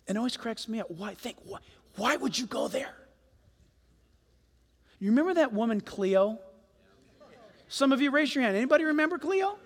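A man preaching a sermon as pastor in a church, animated and firing rhetorical questions at his congregation. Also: very high voice. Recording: long hall reverb.

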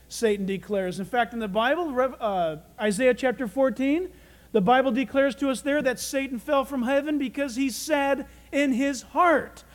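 High-voiced man preaching dramatically. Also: normal speed. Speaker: pastor. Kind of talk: sermon.

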